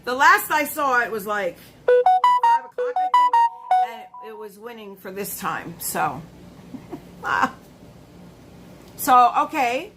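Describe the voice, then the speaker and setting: A woman's voice: a little high, lively intonation, slow, pauses often, music in the background, poor audio. A woman hosting a casual live stream, chatty and laughing often, greeting her viewers by name.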